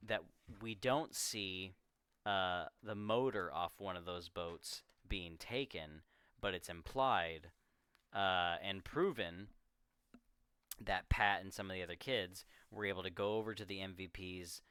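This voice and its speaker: A man co-hosting a podcast, recapping a movie in casual chat with animated storytelling. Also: low-pitched, a little slow, smooth, no echo, studio quality. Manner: animated storytelling, jumps into quoting characters. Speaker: podcast co-host.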